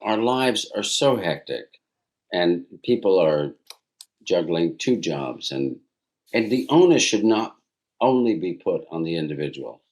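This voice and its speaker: Low-voiced animated man telling stories. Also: measured pace. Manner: animated storyteller who acts out dialogue. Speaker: guest. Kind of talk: casual interview conversation.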